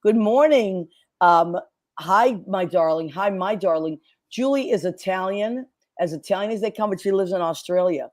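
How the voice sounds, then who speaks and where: A woman's voice: medium pitch, expressive, moderate pace, darkish tone, no echo, clean studio sound. A woman hosting a talk show, chatting in an effusive, rambling way. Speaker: show host. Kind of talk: casual chat.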